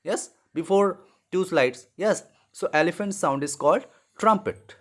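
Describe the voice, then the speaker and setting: A man's voice: sits high, a little slow. A man teaching animal sounds to young children, patient and repeating key words. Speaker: English teacher. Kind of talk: slow lesson for young children.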